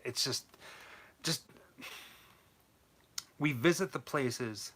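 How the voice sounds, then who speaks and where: Guy co-hosting a live q&a, bright mid-pitched voice, casual and earnest, trails off sometimes. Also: drawn-out words. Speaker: co-host of a live Q&A stream. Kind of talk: casual live-stream chat.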